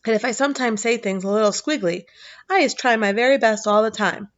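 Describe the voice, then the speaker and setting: A woman voicing a huge, kindly old male giant who speaks in slow, jumbled, booming sentences for a storybook reading. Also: lo-fi sound, natural voice. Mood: earnest. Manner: booming, drawn-out, jumbled grammar.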